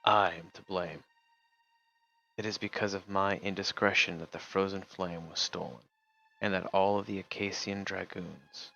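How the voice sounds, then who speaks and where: A man's voice: sits low, creaky, fairly bright tone, muffled recording, exaggerated voice. A man reading aloud and voicing a frail, guilt-ridden old former dragoon who talks in a wavering, mournful way.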